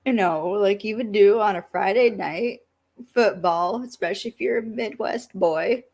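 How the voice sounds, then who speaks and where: A woman co-hosting a podcast, casually recapping an episode with lively acted-out quotes and frequent laughs. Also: mid-range voice, moderate pace. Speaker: podcast co-host.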